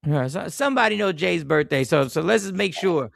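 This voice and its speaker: Gravelly man telling a story on a podcast. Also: a little high, brisk, no room sound, studio quality. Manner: profane, animated storyteller, acts out quoted voices. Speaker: podcast host. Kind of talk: casual chat storytelling.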